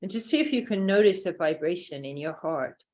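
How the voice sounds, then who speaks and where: A woman's voice: fairly low pitch, expressive, brisk, a little mellow. A woman from England with a British accent, leading a group lesson and explaining in a loose, rambling way with many fillers. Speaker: workshop teacher.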